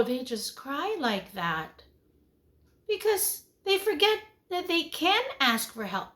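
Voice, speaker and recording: A woman preschool teacher giving an online lesson to small children. She speaks slowly in a fairly high voice that swings up and down in a sing-song way, asking the little ones many questions. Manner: animated, sing-song, big swings in pitch and loudness.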